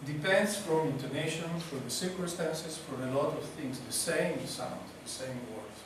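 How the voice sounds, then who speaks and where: A man with a slightly high voice gives a halting, filler-heavy lecture. He is recorded from a distance in a very echoey hall, and steady noise runs underneath him. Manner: halting, searching for words, many fillers. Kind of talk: public lecture.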